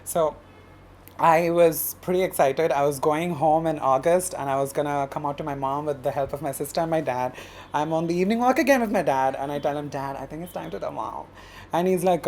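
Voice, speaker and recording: A man's voice: on the high side, normal speed, background noise. A young man, telling a personal story on stage at a live storytelling event in a casual, chatty way. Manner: casual and chatty, many fillers, breaks into animated laughing retellings.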